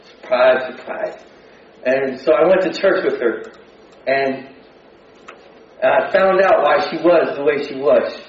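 A man's voice: fairly high pitch, measured pace, long pauses. A man telling a personal testimony in church, earnest and building with emotion. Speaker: speaker giving a testimony. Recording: distant, dull sound in a very echoey hall.

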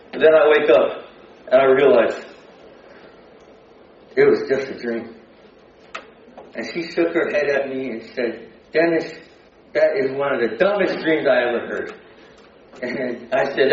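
A man's voice: on the high side, slight background noise. A man telling a personal testimony in church, earnest and building with emotion. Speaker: speaker giving a testimony. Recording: distant, dull sound in a very echoey hall.

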